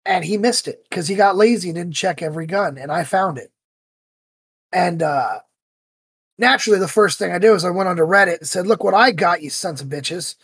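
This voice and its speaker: A man hosting a podcast, telling stories in a casual, animated way and acting out the voices he quotes. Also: high-pitched, a little fast, slightly rough, dry recording. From United States. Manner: animated storyteller who acts out quoted voices. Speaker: podcast host.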